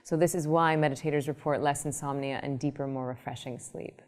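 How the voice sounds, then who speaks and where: A woman meditation teacher explaining her ideas in an interview, telling lively everyday examples. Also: low-pitched, fairly quick. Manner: animated storytelling, explanatory. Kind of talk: interview answer with acted examples.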